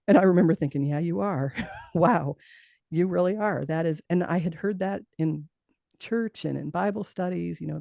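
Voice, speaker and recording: A woman's voice: low-pitched, vocal fry, warm tone, no echo, studio quality. A middle-aged woman, a guest in an interview, telling a personal story earnestly, laughing now and then and restarting her sentences.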